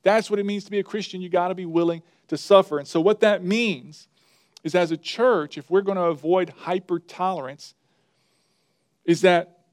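A man preaches in an emphatic, folksy manner, his voice sitting a little high for a man. The sound is dry and close, with no room echo. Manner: emphatic preaching with a folksy parable, plays characters briefly. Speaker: pastor. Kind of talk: sermon.

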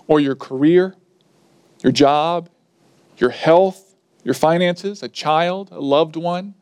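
A man's voice: fairly high pitch, darkish tone, no room sound. A man preaching a sermon, stressing key points and repeating his lines for emphasis.

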